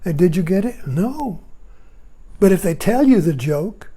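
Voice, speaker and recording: A man's voice: high voice, big pitch swings, a little slow, mellow, slightly rough. A man giving a rambling, casual talk, chuckling often and breaking off mid-sentence. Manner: chuckling, digressive, self-interrupting. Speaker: speaker on Zen and irony.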